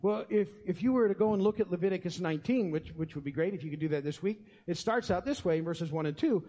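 A man's voice: high-pitched, fast talker, hardly any pauses, mellow. A man preaching a sermon as pastor, in a conversational, folksy way. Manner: conversational, folksy, with many fillers and restarts. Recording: long reverb of a church hall.

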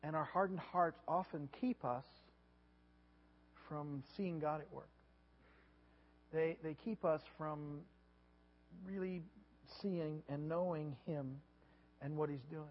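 A pastor preaching a sermon, animated and repeating his words, sometimes acting out voices. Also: on the high side, slow, pauses often. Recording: dull lo-fi sound with long hall reverb.

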